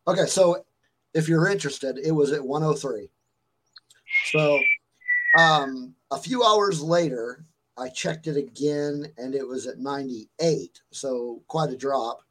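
Slightly high-voiced man, rambling casually. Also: a little slow, a bit bright, slight background noise, rough recording. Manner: rambling, filler-heavy storytelling. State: recovering from a fever. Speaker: stream host. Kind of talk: casual chat.

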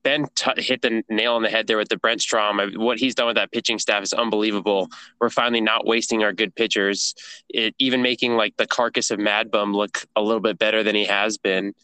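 A man talks in a laid-back way as a sports podcast co-host. His voice is bright and crisp, and it sits on a dry, close mic with no room sound. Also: lowish voice, fairly even intonation, brisk, no echo, low-quality recording. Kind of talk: casual chat.

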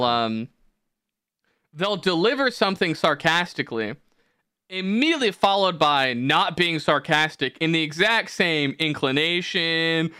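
A young man hosting a casual podcast, animated and profane, acting out mocking quotes of others. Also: on the high side, clear, resonant tone, no echo, clean studio sound. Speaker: podcast host. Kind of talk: casual chat.

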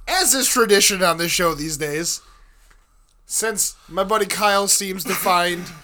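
A man hosting a podcast in casual chat, crude and quick to laugh. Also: high voice, pushed and bright. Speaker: podcast host.

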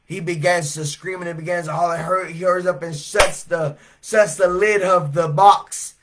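High, bright-voiced evangelist man. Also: moderate pace, slight background noise. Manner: animated storytelling, swelling to shouts. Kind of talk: revival sermon.

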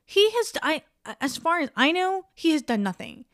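A woman's voice: high voice, big pitch swings, normal speed, a bit bright, no room sound, clean studio sound. A young woman hosting a casual solo podcast, chatting and ranting in an opinionated, gossipy way. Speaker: podcast host.

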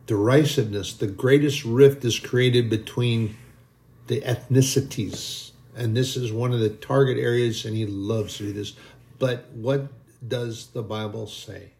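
A man's voice: medium pitch, steady tone, measured pace, a little mellow. A man preaching a sermon in an impassioned, repetitive way, leading a spoken prayer.

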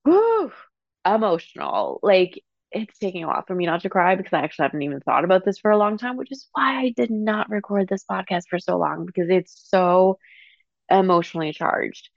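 A woman's voice: lowish voice, fairly quick, vocal fry, no echo. A young Canadian woman hosting a podcast, telling a personal story with raw emotion, swearing freely and saying "like" often. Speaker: podcast host. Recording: dull, dry close-mic sound.

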